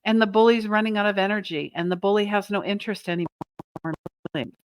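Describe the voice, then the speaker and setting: A woman's voice: mid-range voice, fast talker, clear, resonant tone, dry recording. A woman host giving a motivational talk to her viewers, earnest and emphatic, often asking "right?". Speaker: self-help channel host.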